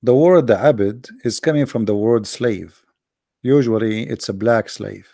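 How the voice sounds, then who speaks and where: Gravelly, blunt man, dry sound. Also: lowish voice, unhurried, warm tone, dry recording. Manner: blunt, scornful, repeats himself. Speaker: livestream host. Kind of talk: combative religious talk.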